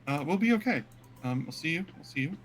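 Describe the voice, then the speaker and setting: A man's voice: fairly high pitch, animated, breathy edge, voice pushed up. A man voicing an awkward, flustered young woman adventurer in a tabletop game, stumbling and repeating himself. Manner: halting and repetitive.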